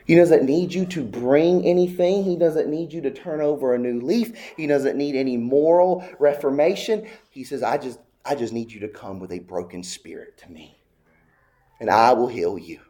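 A male pastor preaches a sermon at normal speed with a dark tone. His cadence is impassioned and repetitive, and his voice climbs high during heartfelt pleas.

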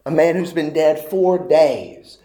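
A man preaching a sermon, telling a story slowly and dramatically, with long pauses and hushed, almost whispered moments. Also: on the high side, a little hiss or hum. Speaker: pastor.

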